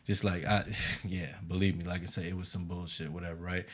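A man's voice: sits low, little pitch movement, a little fast, breathy edge. A man telling a long story in casual chat, laid-back, with lots of fillers and swearing.

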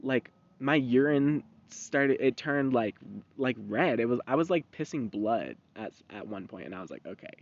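A young man in his twenties hosting a podcast, talking in a rambling, profane, animated monologue. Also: mid-range voice, normal speed. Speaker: podcast host. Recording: dull, dry lo-fi recording.

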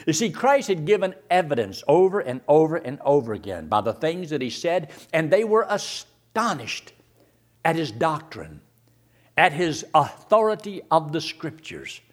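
Guy preaching a sermon, voice jumps up and down a lot, fires off questions. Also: a little high. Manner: asks rapid rhetorical questions, reads scripture aloud.

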